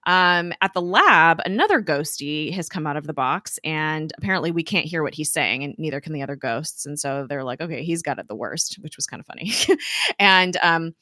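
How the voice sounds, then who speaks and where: A woman co-hosting a casual chat, retelling a TV episode in a chatty way, full of fillers and quick laughs. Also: sits low, lively intonation, bright, forceful tone, no room sound, studio quality. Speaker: podcast co-host.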